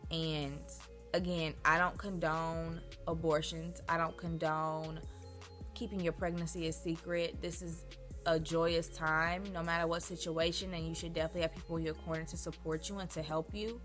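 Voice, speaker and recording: A woman's voice: sits low, flat delivery, normal speed, a bit bright, faint music behind. A young woman telling a personal story in a chatty vlog style, filling her talk with "like". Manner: chatty, lots of "like" fillers. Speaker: vlogger.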